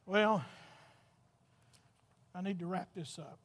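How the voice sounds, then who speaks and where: A man's voice: sits high, slow, a bit bright, a little hiss or hum. A man preaching a folksy, exclamatory storytelling sermon, laughing at his own jokes.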